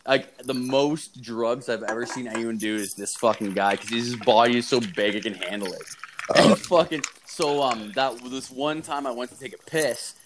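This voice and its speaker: A man's voice: mid-range voice, steady tone, moderate pace. A young man rambles through a story on a casual podcast, swearing freely. His voice sits in a middle register. A faint noise runs under the recording. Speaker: podcast guest.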